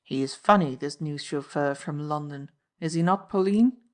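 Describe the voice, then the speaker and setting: A woman's voice: sits low, normal speed, a little mellow, close to an everyday voice. A woman voicing a haughty, jealous nobleman in an audiobook reading, with commanding speech. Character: haughty, jealous middle-aged male count and magnate.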